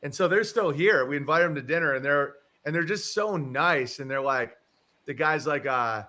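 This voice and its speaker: A man's voice: on the high side, expressive, normal speed, sharp tone. A man hosting a casual livestream, rambling through a story, chuckling and swearing casually. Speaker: livestream host. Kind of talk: casual chat.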